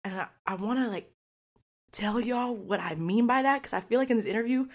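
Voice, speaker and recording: A woman's voice: on the high side, fairly quick. A woman hosting a podcast in a casual, rambling monologue, candid and blunt, with constant "like" fillers. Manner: candid, rambling, heavy use of "like"; blunt and outspoken. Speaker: podcast host.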